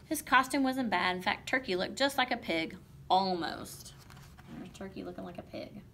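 A woman reading a picture book aloud to children, lively and playful. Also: medium pitch, normal speed, a little hiss or hum. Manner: lively, playful voices for the animals. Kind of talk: children's storybook read-aloud.

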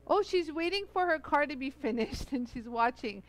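A woman's voice: high voice, lively intonation, moderate pace, hardly any pauses, no echo. A woman hosting a live jewelry-tool stream, chatting casually and greeting viewers one by one in an effusive way. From Los Angeles area. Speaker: livestream host demonstrating jewelry tools. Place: studio bench under bright lights.

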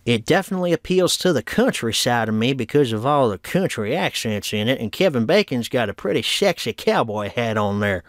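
A man's voice: mid-range voice, expressive, brisk, hardly any pauses, no room sound, clean studio sound. A man hosting a casual home media review vlog, chatty and opinionated as he wraps up an episode. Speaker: movie reviewer, show host.

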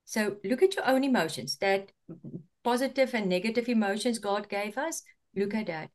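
A woman's voice: medium pitch, moderate pace, darkish tone. Earnest woman coach giving marriage advice. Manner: earnest, repeats words while explaining. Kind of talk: talk show advice.

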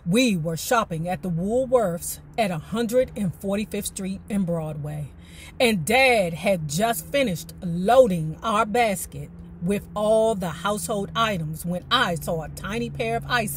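A woman reading a memoir aloud and breaking off into animated, colloquial commentary. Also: mid-range voice, measured pace, slight background noise. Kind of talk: book reading with casual commentary.

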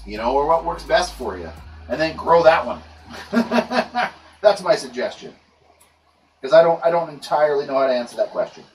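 Easygoing male streamer, slightly high voice, heard from across a boomy room. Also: very animated, moderate pace. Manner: laid-back, rambling with many fillers. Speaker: livestream host. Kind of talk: casual livestream chat. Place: indoor grow room. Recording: echoey room, voice far from mic, faint music.

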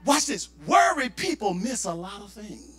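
Southern man, pastor, sermon, high pitched, bright sharp voice, shouting fervor. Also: sing-song, moderate pace. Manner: shouting, preaching with rising fervor.

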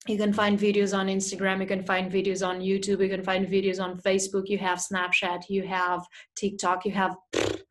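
A woman presenting a webinar, reading out audience questions and answering them in a chatty way with many fillers. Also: medium pitch. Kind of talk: live webinar Q&A. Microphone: small video mic or phone.

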